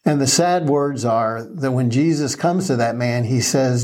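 A pastor talking earnestly in a casual faith chat, telling stories and chuckling softly now and then. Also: male voice, medium pitch, unhurried. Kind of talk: conversational faith talk.

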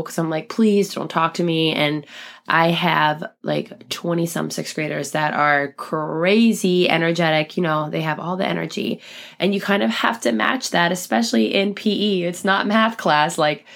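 Mom and teacher in her thirties, chatty podcast host, low pitch, gravelly fry. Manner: chatty, lots of "like" and quoted inner thoughts. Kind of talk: casual personal storytelling.

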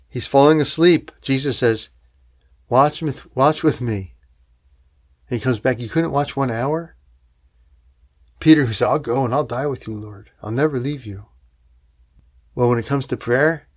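A man preaching a sermon in an earnest, emphatic way, with rhetorical asides to his listeners, swelling louder on key words and then dropping soft. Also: mid-range voice.

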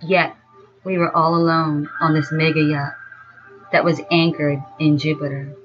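A woman telling a first-person story in a slow, dreamy way. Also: low voice, little pitch movement. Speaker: narrator. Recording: dull lo-fi sound with faint music.

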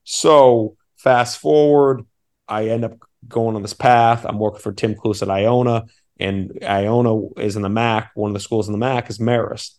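A man's voice: fairly low pitch, fairly even intonation, a little slow, a little mellow. A man in his thirties from Maine, an assistant basketball coach telling an eager, rambling story on a podcast. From Maine, USA. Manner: eager, rambling, many restarts.

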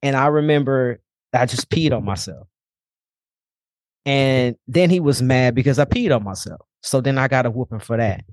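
A man's voice: medium pitch, moderate pace, no echo, studio quality. A young man speaking as a podcast guest, telling a personal story bluntly and casually, with frequent swearing.

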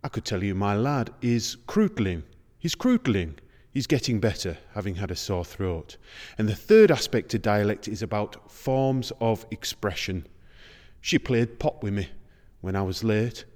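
A man hosting a podcast in measured, explanatory scripted narration. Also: fairly low pitch, animated, darkish tone. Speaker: podcast host. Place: large circular museum room. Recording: reverberant space.

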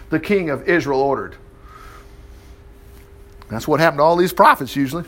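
Lively, animated male preacher. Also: fairly high pitch, normal speed, pauses often. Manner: lively, acts out the characters' lines with laughs and asides. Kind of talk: animated sermon retelling a Bible story.

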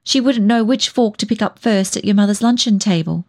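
A woman's voice: mid-range voice, brisk, a little mellow, lightly acted. A woman reading an audiobook, voicing a remorseful young woman who pleads as if near sobbing. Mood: confessional. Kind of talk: audiobook dialogue.

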